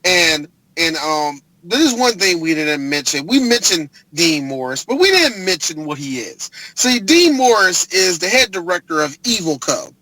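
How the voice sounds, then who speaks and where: A man co-hosting a podcast, chatting casually about a movie as an animated, profane storyteller who laughs often. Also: high voice, moderate pace, few pauses, poor audio. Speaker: podcast co-host. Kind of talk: casual movie review chat.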